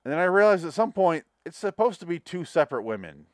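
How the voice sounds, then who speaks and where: Animated, profane man rambling about movies. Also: fairly high pitch, fast, dry recording, clean studio sound. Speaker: podcast host. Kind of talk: casual movie review chat.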